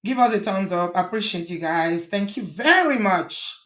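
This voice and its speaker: A middle-aged woman hosts a relaxed live-stream conversation. She is chatty and teasing and laughs easily between points. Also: mid-range voice, normal speed. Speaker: host. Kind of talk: casual live-stream chat.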